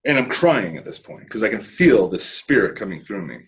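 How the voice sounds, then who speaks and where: A man's voice: on the low side, big pitch swings, fairly quick, slightly rough, low-quality recording. A man being interviewed, telling a personal story candidly, rambling with many restarts and some casual swearing. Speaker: interview guest.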